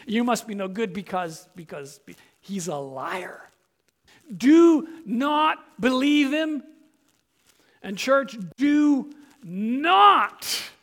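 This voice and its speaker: High-voiced, slow-preaching male pastor. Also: sharp tone. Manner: emphatic, direct, asks rhetorical questions. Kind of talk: sermon.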